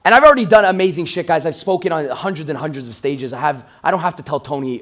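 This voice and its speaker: A man giving an energetic, blunt motivational talk as a sales trainer, telling stories and swearing freely. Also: on the high side, fast. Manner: energetic, blunt storytelling with profanity.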